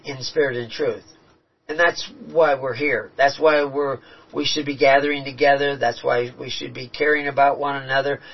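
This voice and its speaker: A man with a husky, breathy timbre shares spiritual experiences in relaxed conversation. His delivery is earnest and reflective. The recording sounds dull and a little distant from the mic. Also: medium pitch. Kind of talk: casual spiritual talk.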